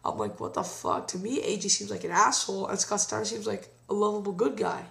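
A man's voice: high-pitched, fast talker, creaky, a bit bright. A young man giving an opinionated, ranting review in a casual vlog. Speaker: wrestling show reviewer.

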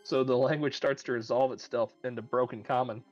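A man runs a tabletop game as game master, his narration halting and full of restarts. His voice sits at a middle pitch. The recording is a bit muffled, with faint music under it. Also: fairly even intonation. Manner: halting, many fillers and restarts.

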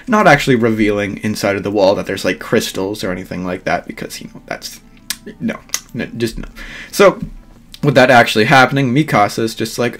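A man's voice: on the low side, a little fast, fairly bright tone. A man telling a fan-made what-if story in a rambling, filler-heavy way, swearing freely.

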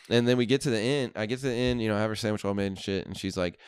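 A man's voice: on the low side, quick pace, few pauses, clear, resonant tone, no echo. A young man, hosting a podcast and telling profane, laid-back stories in casual chat. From Houston, Texas. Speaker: podcast host.

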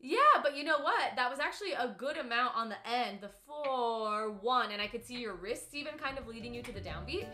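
A bright, fairly high woman's voice with a lively, forward tone, heard in a room with noticeable echo. She is a patient piano teacher who walks her student through each idea step by step, filling her talk with casual "like"s. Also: brisk, few pauses. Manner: patient, upbeat, explains step by step with many "like"s. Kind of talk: one-on-one lesson.

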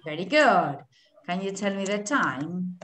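A woman's voice: lowish voice, very animated, unhurried, fairly bright tone, slight background noise. Woman, patient teacher running an online class, lots of praise. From Argentina. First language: Spanish. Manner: encouraging, repeats and praises answers, mixes in Spanish. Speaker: English teacher.

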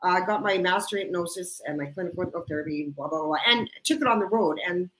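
A woman's voice: lowish voice, fast talker, a bit bright, echoey room, slight background noise, poor audio. A woman from Canada hosting a casual chat, telling stories and laughing often. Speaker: host.

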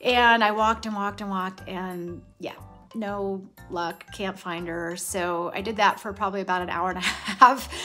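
A middle-aged woman who vlogs about nail polish tells a long personal story in a medium-pitched, fairly bright voice. She's chatty and rambling, constantly restarting and tossing in side remarks.

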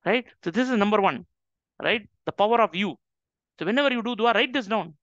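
A man's voice: high voice, brisk, a bit bright, no room sound. A man teaching an interactive religious class, speaking emphatically and often checking in with his listeners. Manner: emphatic, keeps checking with "right?". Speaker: Islamic teacher. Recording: dull, dry lo-fi sound.

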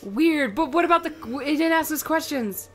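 Lively, giggly woman co-host. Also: sits high, moderate pace. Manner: giggly, playful reactions. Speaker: let's play co-host. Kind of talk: casual chat.

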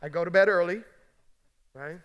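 A man's voice: high voice, normal speed, clear, resonant tone, long reverb tail, lo-fi sound. A man preaching a sermon as pastor, emphatic and conversational, often checking in with the congregation. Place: large church sanctuary.

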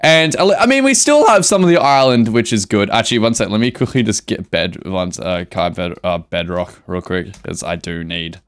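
A man's voice: fairly low pitch, expressive, moderate pace, hardly any pauses, clear, resonant tone. A young man live streaming a video game, talking to his chat with melodramatic mock grief, swearing and laughing. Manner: reads chat aloud and answers it.

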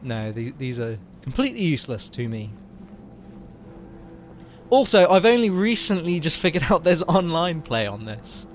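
Lively sweary young man. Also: a little high, moderate pace. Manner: rambling, sweary, jokey, shouts at the game. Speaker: let's play host. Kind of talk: casual game commentary. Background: game music.

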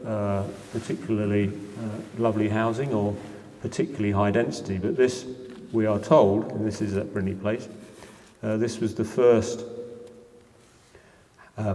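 A man's voice: fairly low pitch, darkish tone. A middle-aged man, a property developer, giving an informal public lecture in a conversational way, full of "you know" and "uh". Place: lecture hall. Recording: long hall reverb.

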